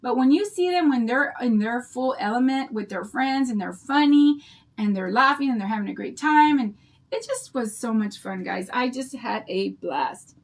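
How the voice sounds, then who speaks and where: An older woman rambles happily to her livestream viewers, telling stories in a bubbly, chatty way. Her voice sits a little high for a woman. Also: animated, normal speed. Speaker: craft livestream host.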